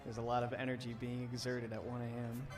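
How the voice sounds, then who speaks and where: A young man on a game stream, telling a story in an animated, rambling way. Game music sits faintly in the background. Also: medium pitch, fast, recorded from a distance. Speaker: streamer co-host.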